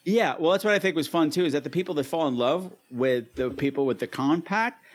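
A podcast co-host chatting casually about a TV episode, often acting out characters' lines. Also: female voice, low voice, lively intonation, brisk, slightly rough. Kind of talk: casual chat recapping a TV episode.

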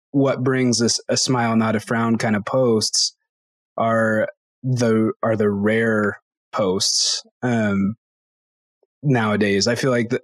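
A man's voice: mid-range voice, dry recording. Casual male podcast host, dry sound. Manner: casual, enthusiastic, with fillers. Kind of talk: conversational interview.

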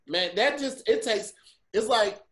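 Animated high-voiced male podcast host. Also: unhurried. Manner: animated, joking, reads ad spots playfully. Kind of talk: casual podcast chat.

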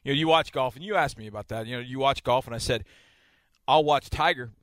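A man hosting a casual sports radio show, animated and excitable when telling stories. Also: medium pitch, fast talker, no echo, clean studio sound.

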